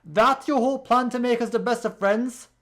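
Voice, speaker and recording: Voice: medium pitch, fairly even intonation, moderate pace, a bit bright. Rambling British let's play host. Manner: rambling, with many restarts and fillers. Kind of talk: gameplay commentary.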